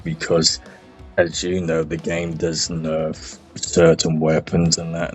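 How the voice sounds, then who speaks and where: A man chatting casually about a game, relaxed and swearing freely. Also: low-pitched. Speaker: gaming podcast host. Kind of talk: casual chat. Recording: muffled lo-fi sound, faint music.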